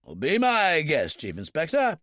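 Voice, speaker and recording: A man doing a gruff old brigadier. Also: on the high side, wildly swooping pitch, a little slow, sharp tone, no room sound, studio quality, exaggerated voice. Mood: dry. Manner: exasperated, commanding. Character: weary, gruff older British brigadier.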